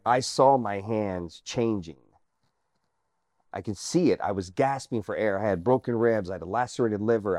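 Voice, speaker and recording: A man with a low voice recounts his story as an interview guest, earnest and animated, sometimes sinking almost to a whisper. The sound is dry and close, with no room echo. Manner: earnest, animated, drops to near-whisper at emotional points. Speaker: guest, army veteran.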